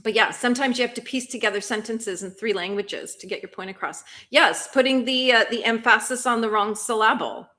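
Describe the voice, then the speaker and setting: A woman's voice: on the high side, fairly quick, few pauses, bright, forceful tone. Chatty woman hosting a livestream. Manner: chatty, asks lots of questions, laughs often. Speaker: livestream host. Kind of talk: casual chat reading viewer comments.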